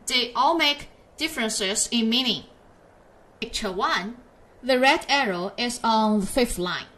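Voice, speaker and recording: A woman teaching pinyin, speaking slowly and patiently in English and drawing out each model sound for learners to copy. Her voice sits a little high, and she leads the class step by step. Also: lively intonation, fairly bright tone. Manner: slow, patient, drawn-out model syllables for repetition. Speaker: Chinese teacher.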